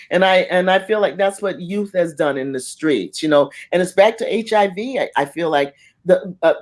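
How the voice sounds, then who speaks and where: A middle-aged speaker on a panel, voice sitting at an ordinary pitch for their sex and moving freely as they talk. The delivery is impassioned and storytelling, slipping into the voices of the people they quote. Words often break off and restart mid-thought. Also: moderate pace. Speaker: arts facilitator on a panel.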